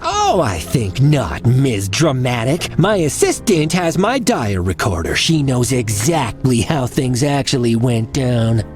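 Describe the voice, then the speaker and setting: A man's voice: medium pitch, very animated, unhurried, few pauses, darkish tone, faint music behind. A man voicing a wisecracking male cat detective in a video game, talking in quippy, easygoing banter. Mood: earnest.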